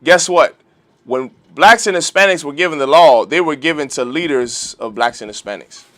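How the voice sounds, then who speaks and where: A man's voice: fairly high pitch, normal speed, a bit bright. A man teaching a religious law class, preaching emphatically and firing off rhetorical questions. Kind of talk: lecture-style sermon.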